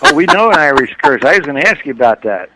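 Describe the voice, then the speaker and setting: A man appearing as a comedian guest on a talk show, playful and quick to laugh as he trades jokes. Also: medium pitch, heavy background noise. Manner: giggly, playful, lively. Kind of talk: casual talk show banter.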